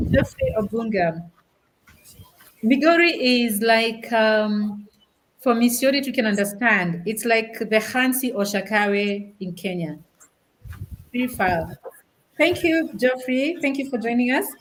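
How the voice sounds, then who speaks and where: A woman's voice: fairly high pitch, rough recording. A woman from Africa hosting a live-streamed talk show, chatty, laughing often as she reads out greetings from viewers. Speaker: host.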